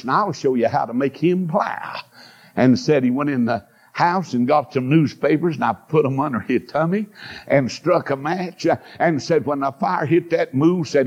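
An older male preacher delivers an impassioned sermon on a dull, lo-fi recording. His fairly high voice climbs into shouted, stretched-out cries between folksy stories. He keeps pushing his listeners with repeated calls to listen. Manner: impassioned, swings into high shouted bursts with drawn-out words; storytelling with fillers and repeated "listen to me".

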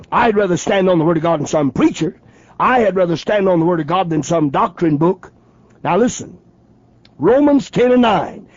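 A man's voice: sits high, darkish tone, breathy edge, no room sound. A man preaching a radio sermon, emphatic and questioning the listener directly, on a dull lo-fi old broadcast.

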